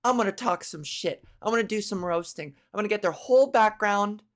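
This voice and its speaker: A crude, animated woman comedian riffs through a podcast monologue. She swears freely and keeps jumping into little acted-out scenes. Her pitch sits in the ordinary middle for a woman. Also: brisk. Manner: animated, crude, acts out voices. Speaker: podcast host.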